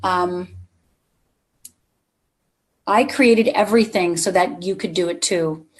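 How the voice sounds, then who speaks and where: A woman's voice: fairly low pitch, takes it slowly. A middle-aged woman giving a motivational keynote to a live conference audience, telling a personal story and speaking straight to the crowd.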